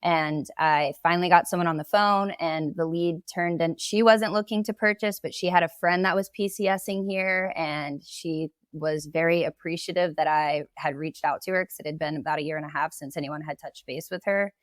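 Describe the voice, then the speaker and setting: A woman's voice: low voice, fairly even intonation, moderate pace, hardly any pauses, clear, resonant tone, dry recording, studio quality. A woman, a real estate agent talking casually as a podcast guest. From Oklahoma. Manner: conversational, explaining at length with laughs.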